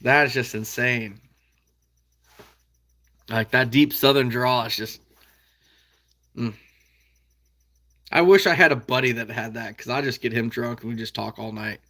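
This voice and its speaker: A man's voice: medium pitch, a little slow, long pauses, pushed and bright. A man with an American Midwest accent hosting a casual livestream, reading out viewer comments in an easygoing, folksy way with frequent chuckles. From Iowa.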